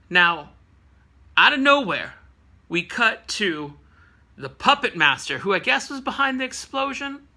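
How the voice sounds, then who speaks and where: Joking man with a bright voice. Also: sits high, big pitch swings, measured pace, long pauses. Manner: jokey, rambling asides. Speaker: comic book reviewer. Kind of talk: casual comic recap.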